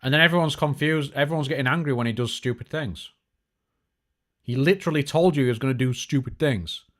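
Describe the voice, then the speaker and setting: This male tech show host speaks briskly in a mid-range, somewhat bright voice during a casual live-stream chat. His delivery is loose and unscripted, chatty and jokey, full of fillers and restarts.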